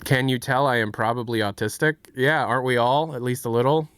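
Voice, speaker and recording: A man voicing a deadpan video game agent in a low, flat voice. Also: brisk, clear, resonant tone, no echo, close to an everyday voice.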